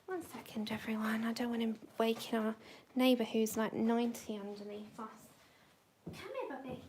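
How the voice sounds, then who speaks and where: A woman hosting a casual colouring livestream from home on her phone, chatting with viewers and coaxing her dog in a high voice. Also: little pitch movement, a little fast, a little mellow, a little hiss or hum. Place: home indoors.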